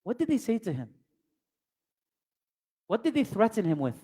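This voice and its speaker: A man's voice: sits high, sing-song, moderate pace, mellow, slightly rough. A man giving a religious lesson as a storyteller, asking many rhetorical questions and mixing in Arabic terms. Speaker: Islamic teacher. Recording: long hall reverb.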